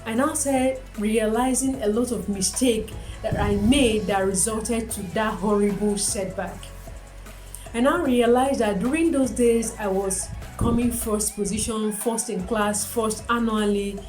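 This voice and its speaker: A woman's voice: on the high side, fairly even intonation, measured pace, a little mellow. A young adult woman vlogger telling a personal story and then giving step-by-step advice, earnest and repeating her key points for emphasis. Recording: echoey room with faint music.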